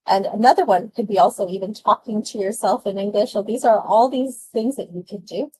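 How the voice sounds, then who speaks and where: A woman presenting speaking tips in an online webinar, lively and chatty, laughing often as she talks with her hands. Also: mid-range voice, brisk, breathy edge, no room sound, poor audio. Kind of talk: presenting test-prep tips to an online audience.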